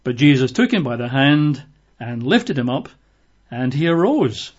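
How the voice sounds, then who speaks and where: A man's voice: mid-range voice, sing-song, a little slow. A man preaching a sermon in a conversational way, acting out the voices he quotes. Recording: dull lo-fi recording.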